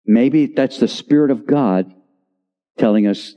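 A man in his sixties preaching a sermon in a church, with dramatic pauses and voice dropping low on key words. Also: warm tone. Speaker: pastor. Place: church sanctuary. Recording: reverberant church hall, slightly dull.

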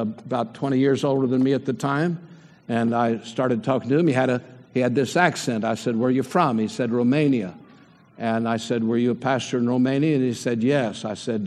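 An older man preaches a sermon, firing rhetorical questions at the congregation. His voice sits at a middle pitch and rings out with a long reverb trailing through the church sanctuary. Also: darkish tone.

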